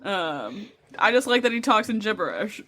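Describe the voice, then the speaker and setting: Woman podcast co-host, bright forceful tone, easygoing. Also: mid-range voice, sing-song, normal speed. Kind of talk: casual chat.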